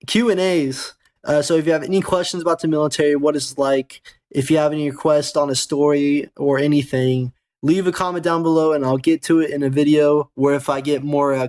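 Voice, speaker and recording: Young American male host, casual profane storyteller, slightly higher voice. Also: a little mellow. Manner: rambling, profane, self-correcting. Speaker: gaming channel host and soldier.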